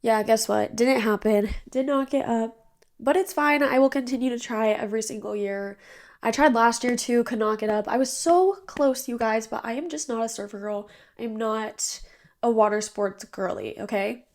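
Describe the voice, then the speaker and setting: A woman's voice: a little high, moderate pace, darkish tone. Tired, nasal young woman chatting. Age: 20s. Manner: chatty, bubbly, lots of "like". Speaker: podcast host. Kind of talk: casual chat. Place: bedroom with blinds drawn.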